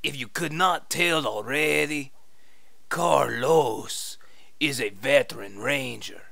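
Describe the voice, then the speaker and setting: A man's voice: medium pitch, gravelly, bright, forceful tone, no echo, exaggerated voice. An actor playing a boastful male wasteland ranger who talks about himself in the third person, with a fake Spanish accent.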